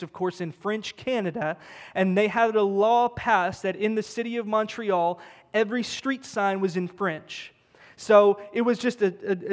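A man preaching a sermon as pastor, emphatic and conversational, repeating words for stress. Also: high voice. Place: church sanctuary. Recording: long church-hall reverb.

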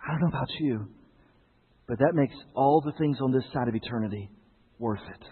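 A man's voice: mid-range voice, fairly quick, breathy edge, long reverb tail, narrow, tinny audio. A male pastor preaching a sermon, telling stories with jokes for the congregation.

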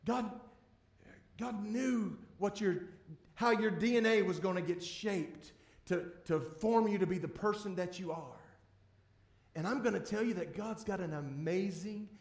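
Male pastor, sermon voice, high-pitched and emphatic, repeats key words, recorded in a reverberant sanctuary. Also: unhurried. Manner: emphatic, swings between loud and hushed. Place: church sanctuary before a congregation. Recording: echoey room.

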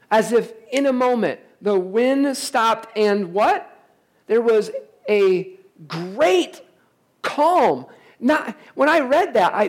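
A male pastor with a high-pitched, gravelly voice delivers an emphatic sermon packed with rhetorical questions for the congregation. It's a church service that is also streamed online.

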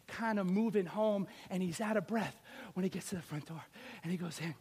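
A male pastor preaching an animated sermon, firing rhetorical questions and swinging from loud to soft. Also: high voice, a little fast, breathy edge.

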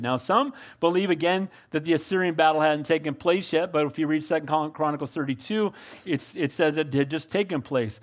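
A man's voice: fairly high pitch, a little fast. An older man preaching a sermon as pastor, earnest and calling out to the congregation for amens.

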